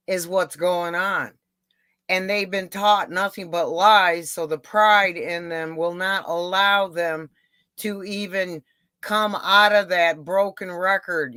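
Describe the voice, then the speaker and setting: A woman calling in to a livestream, agreeing with the host in a measured way. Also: fairly low pitch, steady tone, bright, forceful tone, no room sound. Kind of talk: casual chat.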